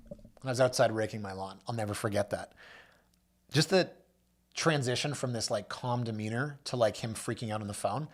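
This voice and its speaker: A man hosting a real estate show, telling client stories in a casual monologue and acting out the people he quotes. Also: normal speed. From Canada. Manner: storytelling, acts out quoted voices with big pitch jumps. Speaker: realtor and show host.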